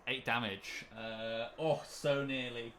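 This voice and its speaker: A man's voice: medium pitch, steady tone, takes it slowly, fairly bright tone, slight background noise. A man narrating as game master of a tabletop game, describing scenes in a hesitant way with many ums and restarts.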